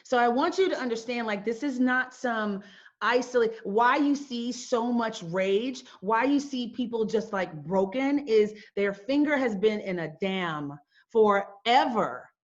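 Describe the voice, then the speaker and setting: A woman's voice: a little high, expressive, measured pace. A middle-aged woman speaking to an audience, emphatic and full of rhetorical questions that she often repeats. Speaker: founder and host giving a talk. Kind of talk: impassioned talk to an audience. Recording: dull lo-fi sound.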